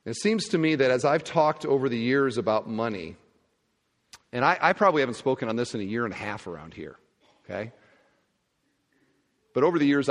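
A pastor giving a sermon, telling stories in a lively way and acting out the scenes. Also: male voice, mid-range voice. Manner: animated storytelling, acting out scenes. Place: large church hall. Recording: long reverb of a church hall.

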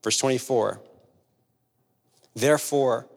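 A man's voice: medium pitch, takes it slowly, vocal fry. Young man preaching in a reverberant hall. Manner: conversational storytelling, emphatic repeated points. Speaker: pastor. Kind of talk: sermon.

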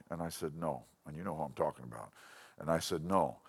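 A man giving a sermon-style Bible lesson, animated and storytelling, often restarting his sentences. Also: rumbling low, quick pace, creaky, husky. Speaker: Bible teacher.

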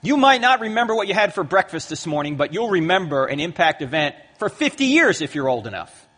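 A man in his fifties giving a lively talk to a live audience in a large hall, acting out the voices in his stories. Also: high voice, brisk. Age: 50s. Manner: lively storyteller who acts out quoted voices. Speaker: Christian apologetics speaker. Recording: long hall reverb.

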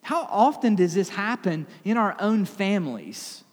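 A man preaching a sermon in a conversational way, retelling a scripture story with lively asides. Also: high-pitched, a little slow, long reverb tail. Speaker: pastor.

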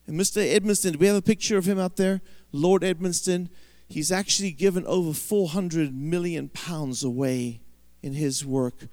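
A man's voice: on the high side, normal speed, no room sound. A British man preaching a sermon, telling a story and acting out the voices of the people in it. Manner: animated, acts out quoted voices.

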